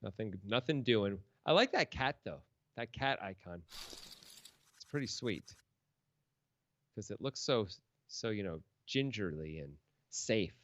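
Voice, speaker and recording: A man's voice: lowish voice, big pitch swings, measured pace. A man commentating a poker stream in a casual, joking, rambling way, often laughing.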